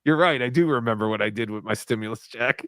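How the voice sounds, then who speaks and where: A man's voice: mid-range voice, fast talker, fairly bright tone, dry recording, studio quality. A man hosting a casual livestream chat, loose and laughing, swearing freely. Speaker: livestream show host.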